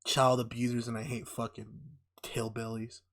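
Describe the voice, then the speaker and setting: A man co-hosting a casual podcast, recapping a TV show in a profane, animated way and acting out the characters' lines. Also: mid-range voice, moderate pace. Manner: profane, animated retelling with acted-out quotes. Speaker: podcast co-host.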